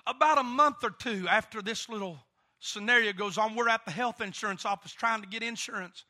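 A man preaching a sermon through an animated personal story, with many "uh" fillers. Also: high-pitched, brisk.

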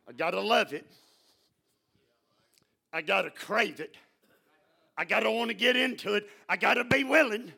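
Male preacher, bright gravelly voice with a husky edge, fervent delivery. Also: high voice. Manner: rises into shouting, fervent. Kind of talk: sermon. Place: church.

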